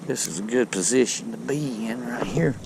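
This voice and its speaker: Casual fishing commentary comes from a man on a boat beside some docks who talks to his catches in a folksy manner. He speaks at a normal speed in a creaky, medium-pitched voice against background noise.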